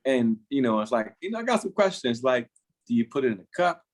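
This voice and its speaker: A man from Miami hosting a podcast, animated and joking, often laughing as he talks. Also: medium pitch, fast talker. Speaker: podcast host. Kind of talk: casual podcast conversation.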